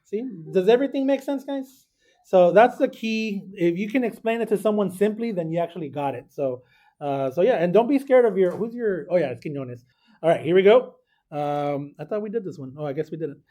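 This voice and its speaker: A man's voice: sits high, lively intonation, a little fast, warm tone. A man teaching a math class, talking through arithmetic step by step and checking in with students. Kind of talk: classroom lesson.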